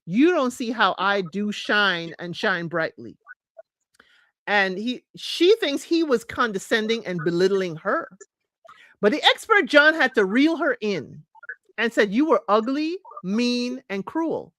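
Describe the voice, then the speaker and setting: A woman's voice: fairly high pitch, measured pace, dry recording. Chatty woman recapping reality TV. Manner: chatty, animated, addresses viewers as y'all. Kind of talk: casual recap commentary.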